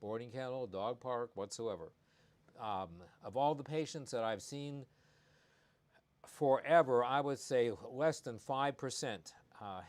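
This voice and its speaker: A male veterinarian hosts a live-streamed pet health talk. His voice sits at an ordinary middle pitch for a man, and he talks in a folksy, conversational way, often repeating his key warnings. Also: a little mellow. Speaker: veterinarian host.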